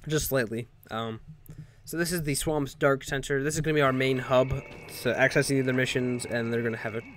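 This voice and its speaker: A man's voice: medium pitch, fairly even intonation, fairly quick, fairly bright tone, a little hiss or hum. A man giving casual gameplay commentary, rambling and jokey, swearing and correcting himself as he goes. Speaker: let's play commentator. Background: game music.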